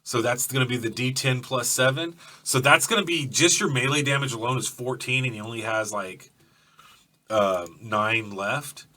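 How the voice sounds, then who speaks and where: Male game master, casual profane narration, bright sharp voice, mic at a distance. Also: mid-range voice, moderate pace. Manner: loose, profane, filler-heavy storytelling.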